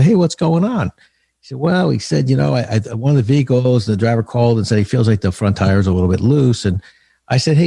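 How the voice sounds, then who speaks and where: A man's voice: fairly low pitch, vocal fry, warm tone, no echo, studio quality. A man being interviewed about leadership, earnest, telling stories with frequent restarts. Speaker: author and leadership speaker, guest. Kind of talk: conversational podcast interview.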